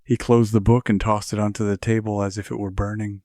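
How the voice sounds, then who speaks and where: A man narrating a scripted horror story in measured, steady storytelling. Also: fairly low pitch, no room sound, clean studio sound.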